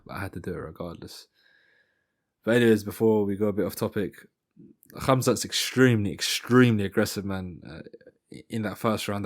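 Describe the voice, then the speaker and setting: Rambling man with a low voice. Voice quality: rambling, self-correcting. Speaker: MMA commentator. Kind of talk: casual fight commentary.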